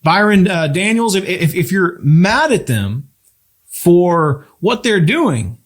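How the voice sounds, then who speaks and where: Animated male podcast host, rhetorical. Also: high voice, slow pace. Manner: rhetorical, builds to emphatic questions. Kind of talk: casual political talk.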